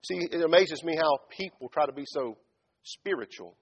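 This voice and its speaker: Husky-voiced preacher swinging from shouts to murmurs. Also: male voice, animated, moderate pace. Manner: swings between loud shouted build-ups and quiet low asides; acts out biblical speakers in mocking tones. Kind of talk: sermon. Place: church.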